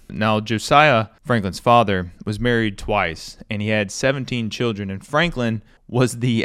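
A man with a lowish, smooth and clear voice talks through a classic book in a relaxed, chatty way. He retells events loosely and leans on casual fillers. The sound is close and dry, with no room around it. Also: dry recording. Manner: relaxed, conversational, loose fillers like "you know" and "stuff like that". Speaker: podcast host reviewing a classic book. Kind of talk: casual spoken book review.

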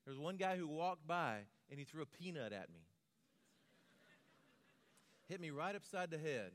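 An American man delivers a sermon, mixing quiet personal storytelling with a rhythmic, repeated closing litany. His voice sits a little high for a man. The sound carries a long hall reverb. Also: expressive, moderate pace. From United States. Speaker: preacher.

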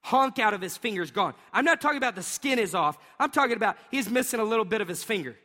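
Animated preacher man in a reverberant hall. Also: high-pitched, fast. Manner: animated storytelling with bursts of acted-out sounds; laughs often while telling stories. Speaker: pastor. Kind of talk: sermon.

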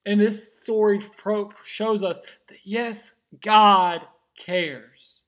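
A man preaching a sermon, earnest and searching, often restarting his words, swinging between loud emphatic cries and soft, slow passages. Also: sits high, fairly even intonation. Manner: frequent restarts and repeated words. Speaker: pastor.

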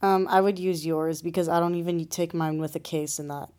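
A woman's voice: fairly low pitch, fairly even intonation, a little fast, mellow. A young woman co-hosting a podcast, teasing and chiming in during casual chat. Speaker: podcast co-host.

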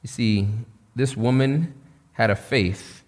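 A man's voice: mid-range voice, takes it slowly, in a large hall. A man preaching a sermon in a conversational, storytelling way with touches of humor. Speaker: pastor.

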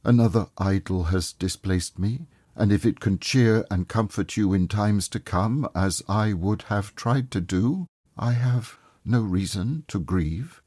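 A man reading the part of a sorrowful young woman who softly releases her fiancé, speaking gently and with quiet reproach. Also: lowish voice, unhurried, hardly any pauses, dry recording, clean studio sound. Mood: gentle sorrow.

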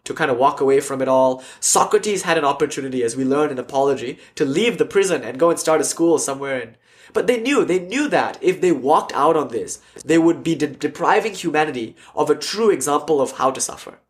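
Animated man telling stories in a lecture. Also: a little high, a little fast. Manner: animated storytelling, acts out quotes. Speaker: spiritual teacher. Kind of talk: casual lecture. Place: class with online audience.

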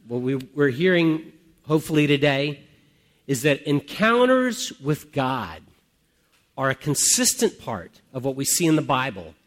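A male pastor giving a sermon in an earnest, lively manner. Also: on the high side.

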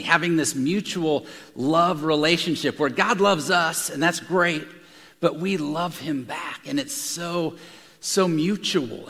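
Gravelly male preacher in a reverberant hall. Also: fairly high pitch, fairly bright tone. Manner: storytelling with frequent repeated words. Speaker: pastor. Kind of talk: sermon. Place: large room with an audience.

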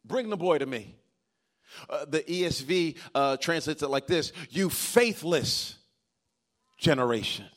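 A man preaching a sermon as pastor, moving between loud emphatic passages and hushed, intimate stretches, and slowing down to read scripture with dramatic weight. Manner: swings between loud emphatic bursts and quiet intimate lows.

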